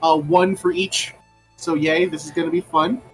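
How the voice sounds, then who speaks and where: Guy dming a tabletop game, pretty high voice, lots of uhs. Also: fairly even intonation, a bit bright, faint music behind, low-quality recording. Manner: halting, with many ums and uhs. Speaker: game master.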